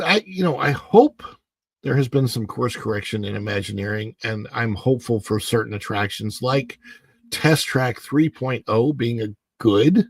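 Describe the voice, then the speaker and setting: A man's voice: mid-range voice, no echo. A man hosting a solo livestream, giving emphatic, opinionated commentary with frequent halts and restarts. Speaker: host.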